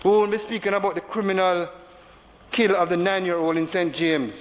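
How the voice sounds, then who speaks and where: A high-pitched man with a Jamaican accent speaks fairly quickly in a steady tone, giving a heartfelt senate speech in which he repeats phrases for weight. The setting is a large, reverberant chamber with faint noise underneath.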